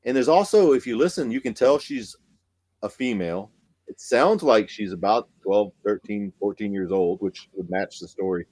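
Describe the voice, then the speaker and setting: A man, a paranormal investigator guest telling a story in casual podcast chat, excited and profane, with many fillers. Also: lowish voice, normal speed.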